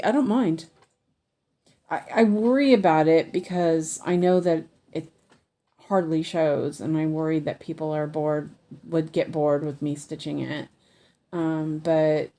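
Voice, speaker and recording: A woman with a low, mellow voice talks slowly and unhurriedly as she stitches, hosting a livestream craft session. Her speech wanders and hesitates, full of fillers and trailing half-thoughts. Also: steady tone. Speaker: cross-stitch livestream host. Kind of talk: casual chat while stitching, reading out viewer comments.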